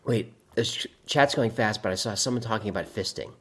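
A man's voice: lowish voice, a little fast, a bit bright, slightly rough. A man hosting a livestream, reading chat aloud in casual talk, wry and rambling, often laughing at his own jokes.

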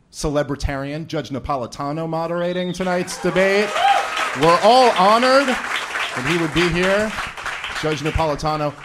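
A man's voice: on the high side, noisy background. Sarcastic man doing stand-up. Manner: sarcastic, rambling, laughing at his own jokes. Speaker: stand-up comic opening an event. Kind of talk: stand-up comedy set. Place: event stage with a live audience.

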